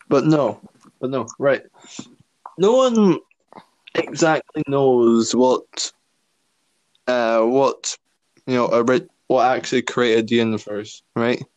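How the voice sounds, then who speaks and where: A man's voice: medium pitch, slow, long pauses, darkish tone, no echo. A young man chatting casually as a podcast co-host, rambling and hesitant, laughing often. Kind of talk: casual chat.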